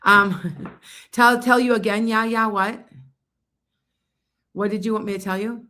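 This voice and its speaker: A woman's voice: medium pitch, fairly even intonation, unhurried, sharp tone. A woman giving psychic readings on a casual livestream, chatting loosely and often losing her train of thought. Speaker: psychic reader.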